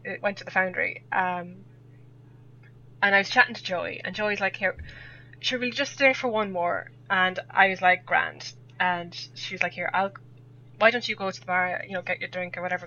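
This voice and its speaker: A woman's voice: fairly low pitch, pushed and bright, slight background noise. A young Irish woman telling a rambling story in casual chat, laughing often as a podcast guest. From Ireland. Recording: dull lo-fi audio.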